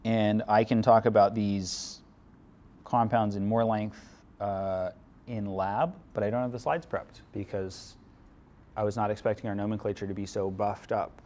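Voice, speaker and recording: A man's voice: fairly low pitch, steady tone, a little slow, a little mellow, a little hiss or hum. A man teaching a chemistry lecture, explaining step by step in a casual way with dry sarcasm. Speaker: chemistry instructor. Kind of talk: classroom lecture.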